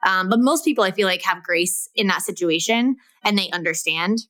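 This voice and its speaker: A woman's voice: mid-range voice, normal speed, fairly bright tone. A young woman hosting a podcast, chatting casually and laughing often, with many fillers. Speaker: podcast host. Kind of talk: casual chat.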